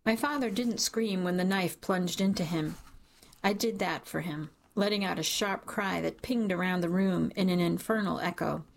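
A woman reading a dark first-person story aloud in a measured, dramatic way. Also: on the low side, vocal fry. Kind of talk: scripted audiobook narration.

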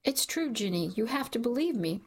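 A woman's voice: a little high, very animated, normal speed, husky, voice pushed up, heavily acted. A woman narrator voicing a rattled, defensive young man in an audiobook, pleading with others.

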